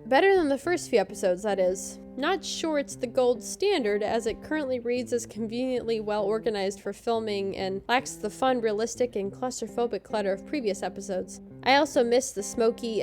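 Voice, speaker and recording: Her voice is slightly high with a darkish tone as she co-hosts a podcast. She runs through a TV episode in a joking, sarcastic recap full of snark.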